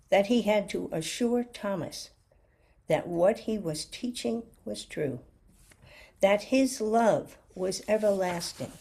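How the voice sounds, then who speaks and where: A woman giving a sermon reflection with a personal story, speaking in a gentle, earnest, reflective way. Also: medium pitch, husky. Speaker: lay preacher giving a reflection.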